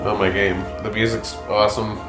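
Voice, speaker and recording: A man playing a video game for the first time, reacting out loud and exclaiming as he goes. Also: fairly low pitch, fairly quick. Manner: excitable, swearing, exclaiming. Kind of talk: live gameplay reaction. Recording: roomy game capture with loud music behind. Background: game music.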